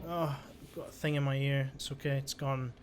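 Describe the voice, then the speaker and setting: A man's voice: medium pitch, steady tone, fairly quick, a little hiss or hum. A man giving chatty, joking commentary while he plays a video game. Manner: chatty, joking, thinks aloud. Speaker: let's-play gamer. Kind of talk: casual gameplay commentary.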